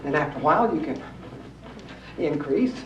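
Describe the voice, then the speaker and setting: A man's voice: fairly high pitch, expressive, normal speed, noisy background. A man teaching a rebounding exercise class to a live audience in a folksy, coaxing way, often asking the crowd true or false. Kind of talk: live fitness demonstration to an audience. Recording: distant, echoey, dull old room recording.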